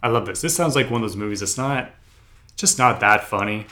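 A man's voice: fairly low pitch, brisk, pushed and bright. A man co-hosting a comedy podcast, reacting with enthusiasm to movie ideas. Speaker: podcast co-host. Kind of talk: comedic casual chat.

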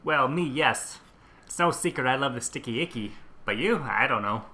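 A man voicing Agnes, an older woman who is blunt and sly, with a gruff, nerdy gangster-like delivery. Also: medium pitch, animated, moderate pace, bright, forceful tone.

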